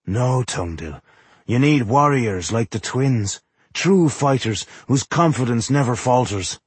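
A man voicing a sad, resigned dwarf mason in an audiobook, speaking low and quiet. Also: expressive, slow pace, breathy edge, no echo.

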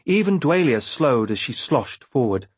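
Man, audiobook narrator, husky, dry close sound, measured first-person storytelling. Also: mid-range voice, big pitch swings, no room sound.

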